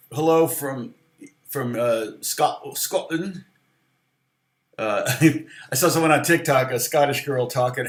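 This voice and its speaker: A man's voice: a little high, bright, forceful tone, roomy sound. Chatty middle-aged man teaching guitar. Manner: rambling, chatty, lots of fillers and restarts. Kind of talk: casual livestream guitar lesson.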